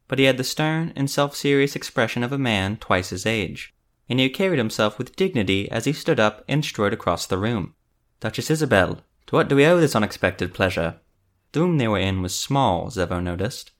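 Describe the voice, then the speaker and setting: A man reading a fantasy novel aloud as the narrator, in a measured storytelling manner. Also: medium pitch. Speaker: audiobook narrator.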